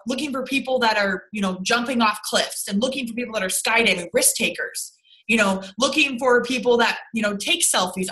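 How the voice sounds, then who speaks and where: A woman's voice: on the high side, a bit bright, rough recording. A young woman leading her sales team over a video call, blunt and rambling, with lots of swearing and fillers.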